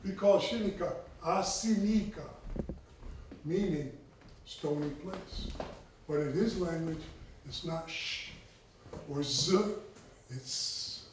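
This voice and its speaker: A man's voice: a little high, slow pace, long pauses, slight background noise. A man who is a tribal chief giving a conversational talk, often checking in with his listeners. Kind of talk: conversational lecture. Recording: echoey room, mic far off.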